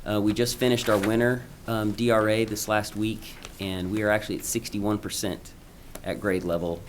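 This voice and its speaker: A man with a very low voice gives a school update at a board meeting. He talks informally, stopping and restarting with plenty of ums. A faint hiss sits under his voice. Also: flat delivery, normal speed. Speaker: school principal presenting to a school board. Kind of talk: presentation at a public meeting.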